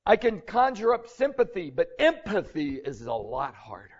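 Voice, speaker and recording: Casting: male pastor, fairly high voice, earnest conversational sermon, slightly muffled recording. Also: sing-song, moderate pace, breathy edge. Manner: earnest, conversational preaching with rising emphasis.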